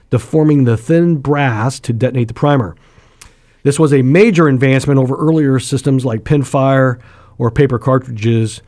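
A man's voice: medium pitch, a little mellow. A man co-hosting a local radio talk show, explaining things in detail from notes with jokey asides. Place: radio studio.

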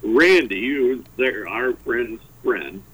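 A man's voice: medium pitch, lively intonation, slow, a bit bright, slightly rough, rough recording. A man telling a long rambling story as a radio guest, self-deprecating and full of fillers. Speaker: guest, former comedy performer.

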